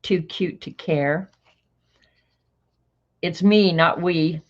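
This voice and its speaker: Slow-talking older woman streamer, dry. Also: on the low side, lo-fi sound. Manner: dry, sarcastic asides. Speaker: livestream host. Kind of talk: casual chat reading aloud to viewers.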